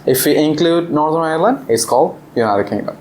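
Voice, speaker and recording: A man's voice: on the high side, animated, a little fast, a little mellow, slight background noise, rough recording. A young man leading a casual classroom discussion, explaining step by step and laughing often. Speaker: visiting language teacher. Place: classroom in a language club.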